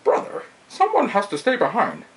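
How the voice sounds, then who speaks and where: A man doing a calm, sarcastic masked villain. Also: high-pitched, moderate pace, distant mic, pitched above the performer's own voice, heavily acted, low-quality recording. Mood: menacing.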